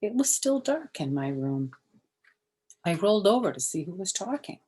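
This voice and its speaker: A woman's voice: mid-range voice, big pitch swings, normal speed, mellow, slightly rough. An older woman reading a children's chapter book aloud, with chatty asides to her listeners. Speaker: storyteller.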